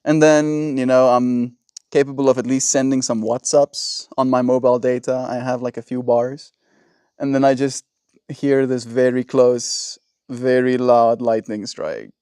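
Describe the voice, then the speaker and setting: A man's voice: medium pitch, level tone, a little slow, warm tone, clear, resonant tone, no room sound, clean studio sound. Exasperated man ranting on a livestream. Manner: exasperated, rambling rant. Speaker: livestream host. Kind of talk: casual livestream chat. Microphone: phone in vertical livestream.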